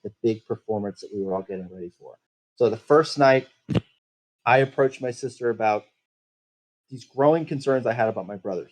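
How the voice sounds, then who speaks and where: Mid-range and darkish in tone, a man rambles profanely through his tabletop character's bitter backstory, speaking as the character. The audio quality is poor.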